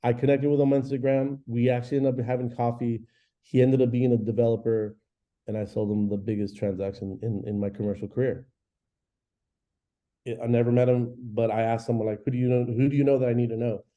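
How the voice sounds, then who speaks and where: A man in his forties, a real estate agent teaching a class in an energetic, chatty way, often acting out phone calls. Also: medium pitch, fairly quick. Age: 40s. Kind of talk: live training class talk. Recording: dull lo-fi recording.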